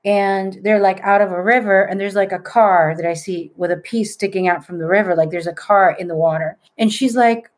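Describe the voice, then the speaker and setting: A middle-aged woman with an average-pitched voice tells a story as a podcast guest. She is animated and conversational. She acts out the voices of the people in her story as she goes. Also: fairly quick, hardly any pauses.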